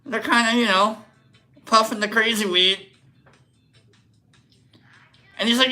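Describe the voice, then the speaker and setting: Bright-voiced man telling a lively story. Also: extremely high pitch, moderate pace, pauses often, faint music behind. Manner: animated, acts out quoted voices. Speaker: podcast host. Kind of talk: casual storytelling chat.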